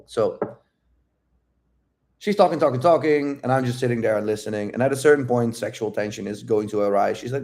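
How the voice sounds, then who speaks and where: A man's voice: lowish voice, fast, darkish tone. Blunt, profane man telling a dating story. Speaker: dating coach. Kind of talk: casual storytelling to viewers.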